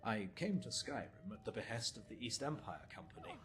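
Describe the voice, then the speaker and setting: A man's voice: fairly low pitch, very animated, fairly quick, over music. An actor playing a formal, businesslike male quest-giver in a video game.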